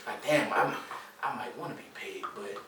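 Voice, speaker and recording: A man from Houston co-hosting a podcast, telling animated stories in casual group chat and acting out what people said. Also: lowish voice, moderate pace, a crowd in the background. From Houston, Texas. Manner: animated storyteller acting out quoted dialogue. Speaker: podcast co-host. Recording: echoey room, mic at a distance.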